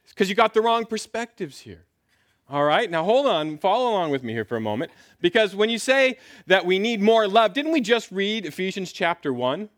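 A man's voice: high-pitched, sing-song, brisk, a bit bright, no echo, studio quality. A middle-aged man preaching a sermon, playfully asking his congregation questions before reading scripture aloud. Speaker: pastor.

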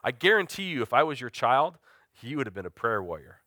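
A man's voice: mid-range voice, very animated, a little fast, sharp tone, dry recording, studio quality. A man, preaching an earnest sermon that mixes personal testimony with questions to the congregation. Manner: earnest, confessional, asks the listeners questions.

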